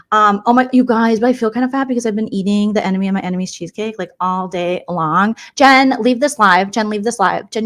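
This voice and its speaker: A woman's voice: mid-range voice, close to an everyday voice. Woman doing a catty rambling middle-aged streamer. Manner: rambling, gossipy, mocking, valley-girl fillers. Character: catty self-absorbed 54-year-old female streamer. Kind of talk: comedic impression of a streamer.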